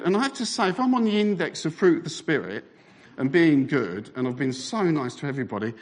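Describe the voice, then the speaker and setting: A middle-aged man, a Baptist minister, telling a self-mocking story in a sermon. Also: fairly quick. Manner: animated, self-mocking anecdote with lively pitch swings.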